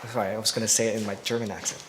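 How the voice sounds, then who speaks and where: A man's voice: lowish voice, level tone, racing, heavy background noise. A man speaking at a ceremony for a housing developer, hesitant with many ums. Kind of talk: ceremony speech, emcee. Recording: echoey outdoor event with faint crowd.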